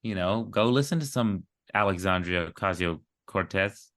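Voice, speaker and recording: A man co-hosting a podcast in an easygoing, joking manner. His voice sits a little low, and he often laughs at his own jokes while chatting. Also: moderate pace, a bit bright. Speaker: podcast co-host. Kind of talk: casual chat.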